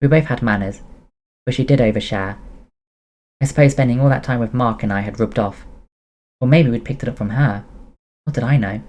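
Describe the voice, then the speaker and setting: A man reading a novel aloud as first-person narration, steady with occasional laughs. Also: mid-range voice, brisk, pauses often.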